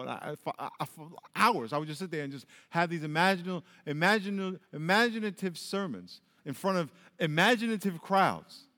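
A middle-aged male pastor with a high, bright-edged voice preaches from the pulpit in a spacious church. His delivery is animated and story-driven, full of restarts and quoted voices, and a long hall reverb trails every phrase. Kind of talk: sermon.

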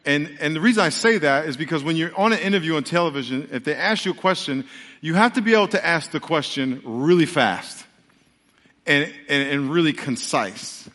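A pastor preaching a sermon. He tells the story dramatically and acts out the voices, then drops to a low, earnest hush. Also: expressive, moderate pace. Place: large church sanctuary. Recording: church hall with long reverb.

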